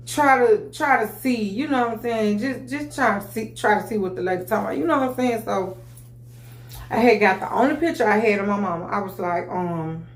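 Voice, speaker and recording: A woman tells her story casually and with feeling. Her mid-range voice keeps stopping and restarting, with "you know what I'm saying" in nearly every breath. The room around her is bare and echoey. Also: medium pitch. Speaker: vlogger telling her story.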